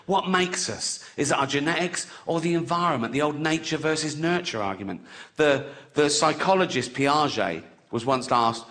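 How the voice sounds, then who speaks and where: A man's voice: mid-range voice, moderate pace, a bit bright. An English man performing a sardonic stand-up routine, acting out characters and often laughing at his own jokes. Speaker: stand-up comedian.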